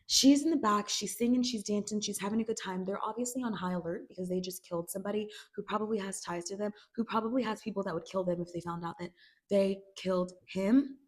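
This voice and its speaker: A woman's voice: mid-range voice, fast. Chatty woman giving a casual recap. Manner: chatty, filler "like", acts out characters' quotes. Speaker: video creator recapping a TV series.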